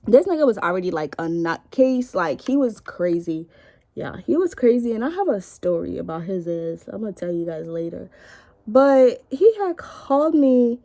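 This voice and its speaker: In a casual makeup vlog recorded indoors at home, a young woman with a medium-pitched, mellow voice tells a meandering, swear-filled story at normal speed. Her pitch swings widely, and she chats on with many likes.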